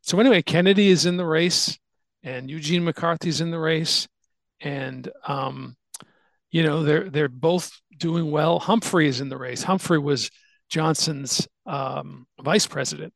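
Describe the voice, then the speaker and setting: A man's voice: on the high side, unhurried, creaky, no echo. A man hosting a podcast, casually explaining history at length with fillers and restarts. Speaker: podcast host.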